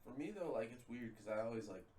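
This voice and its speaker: A young man co-hosting a podcast, talking in a relaxed, casual way and laughing often. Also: medium pitch, fast. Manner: laid-back, laughs often. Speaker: podcast co-host. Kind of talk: casual chat.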